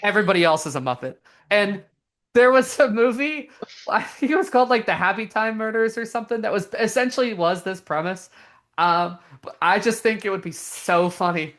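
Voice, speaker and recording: A young woman co-hosting a podcast, chatting casually in an animated, giggly way with lots of fillers. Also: mid-range voice, brisk. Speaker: podcast co-host. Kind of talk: casual chat.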